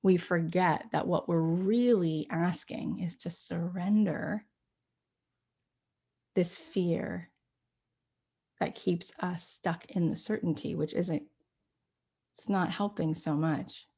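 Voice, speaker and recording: A woman host in her forties giving a spiritual talk, telling a story with lively dialogue and then reflecting in a teaching tone. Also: slow, long pauses, slightly rough. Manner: animated storyteller, acts out quoted dialogue with rising pitch.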